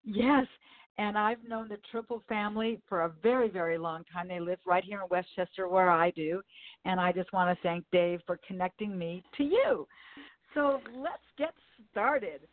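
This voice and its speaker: A woman with a medium-pitched voice hosts a podcast interview at a moderate pace, sounding upbeat and welcoming. She introduces her guest and asks questions, sometimes interrupting herself to restart, on a dry, phone-like line with no room sound.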